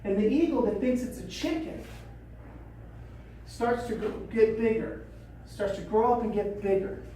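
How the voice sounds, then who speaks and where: A woman trainer telling a story at a training session, animated and repeating phrases. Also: on the high side, unhurried, slight background noise. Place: training room. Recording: echoey room from a distance.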